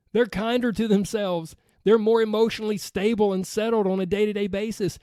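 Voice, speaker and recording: High-voiced Southern man coaching earnestly. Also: a little mellow, dry recording, studio quality. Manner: earnest, motivational, often asks "right?". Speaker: podcast host and weight loss coach. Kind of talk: solo podcast monologue.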